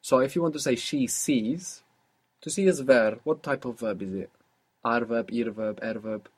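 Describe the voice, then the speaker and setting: Male language teacher, slightly husky, patient, quizzes a learner and repeats answers back. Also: medium pitch, moderate pace. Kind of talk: guided spoken lesson.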